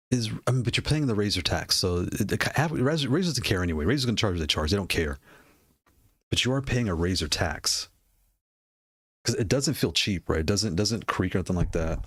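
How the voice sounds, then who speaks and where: A man's voice: on the low side, a bit bright, husky, no echo, clean studio sound. A man casually talking through gaming controller prices, rambling and repeating himself with frequent laughs. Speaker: gaming hardware streamer. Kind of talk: casual product commentary.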